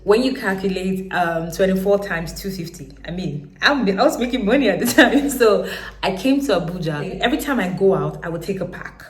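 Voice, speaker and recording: A woman's voice: mid-range voice, normal speed. Nigerian woman telling a story, echoey room. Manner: lively storyteller, laughs while telling. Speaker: business owner. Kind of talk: personal storytelling to camera.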